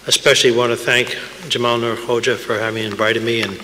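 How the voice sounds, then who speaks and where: A man's voice: medium pitch, level tone, a little fast, bright, forceful tone, slight background noise. A man chairing a symposium session, opening with polite, formal remarks. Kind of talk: formal introduction. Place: concert hall. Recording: long reverb in a concert hall.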